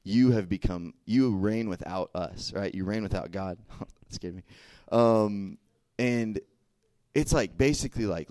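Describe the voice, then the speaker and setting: Low-voiced young man preaching casually. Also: moderate pace, clean tone, no echo. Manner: animated storytelling, acts out dialogue, frequent "right?" and "okay?". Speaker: youth preacher. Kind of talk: casual sermon.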